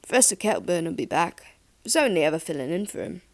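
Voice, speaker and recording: A woman voicing a gruff, kindly male professor with a Liverpool accent in an audiobook. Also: fairly low pitch, sing-song, fast talker. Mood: fond.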